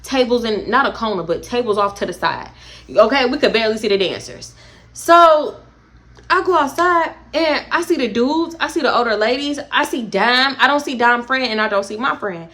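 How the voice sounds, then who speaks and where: A young woman with a Houston accent telling a casual storytime, animated and swinging between hushed and exclaiming. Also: a little high, moderate pace. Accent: Houston, Texas. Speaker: storytime vlogger.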